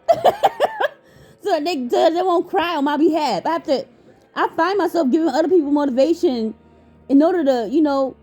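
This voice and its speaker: Woman vlogging about her life, raw and sweary, kinda high but mellow voice, soft music behind. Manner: raw, emotional, profane, with frequent restarts. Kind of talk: candid personal vlog talk.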